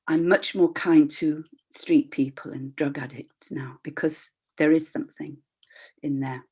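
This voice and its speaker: An older woman tells a personal story over a video call, speaking with an expressive, candid and reflective manner. She acts out the voices of people in her anecdotes, and she often pauses to restart her sentences as she thinks aloud. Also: sits low, slightly rough. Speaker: voice practitioner and workshop leader.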